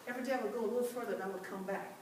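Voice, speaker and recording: A fervent, determined mother who was once enslaved speaks in an impassioned first-person stage monologue, played by a woman. Her high voice breaks often into cries of "oh." She sounds far from the mic in a very echoey church with a faint hum behind. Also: very fast, darkish tone, close to an everyday voice. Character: devout formerly enslaved mother, fierce and determined. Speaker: church dramatic performer. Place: large church sanctuary.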